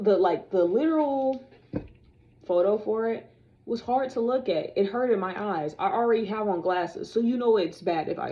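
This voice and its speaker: This is a young woman vlogging to camera, talking straight to her viewers in an animated, sassy way. Her voice sits at a middle pitch and sounds casual and opinionated. The recording is a little dull and lo-fi. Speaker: vlogger reviewing dolls.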